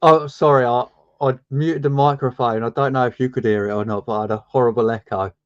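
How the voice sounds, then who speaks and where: A British man chatting on a live voice call, wry and relaxed, often stumbling over his first words. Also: medium pitch, fast, clear, resonant tone, no room sound. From Britain. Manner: wry, relaxed, stammers on starts. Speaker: panel guest. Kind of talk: casual banter. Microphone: online voice chat. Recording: slightly dull lo-fi voice-chat mic.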